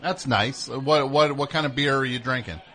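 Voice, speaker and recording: A man's voice: mid-range voice, moderate pace, crowd noise. A man hosting a comedy call-in radio show, asking dry, incredulous questions. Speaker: host.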